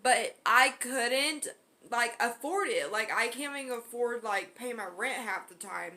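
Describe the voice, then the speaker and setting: Young female vlogger, casual mukbang story time, slow-paced and fairly high. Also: lively intonation, pushed and bright. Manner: rambling, lots of ums and likes.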